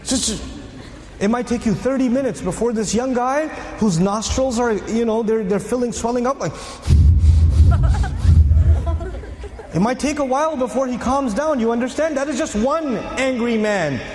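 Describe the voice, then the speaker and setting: High-voiced male lecturer in echoey hall. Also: measured pace. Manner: animated, rhetorical questions to the audience. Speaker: Islamic lecturer. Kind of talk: storytelling lecture to a live audience.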